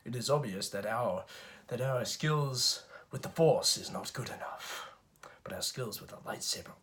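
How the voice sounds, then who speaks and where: A man doing a grave, hushed old count. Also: medium pitch, lively intonation, voice pushed down, close to an everyday voice. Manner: slow, hushed, trailing into a whisper. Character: old male villain count, grave and calm.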